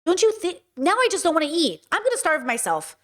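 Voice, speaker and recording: A woman's voice: very high-pitched, wildly swooping pitch, a little fast. A young woman hosting a reaction stream, ranting and exasperated, swearing as she comments on a video.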